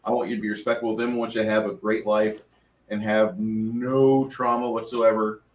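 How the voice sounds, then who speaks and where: After a tabletop game, the man who ran it chats casually in an earnest, rambling way, often restarting his sentences. His lowish voice is flat and at normal speed, recorded off-mic from a distance in an echoey room with faint noise.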